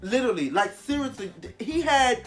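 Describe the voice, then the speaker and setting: Young vlogger, casual storytime, animated, profane, emphatic, soft music underneath. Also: medium pitch, a little fast. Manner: animated, emphatic, heavy swearing.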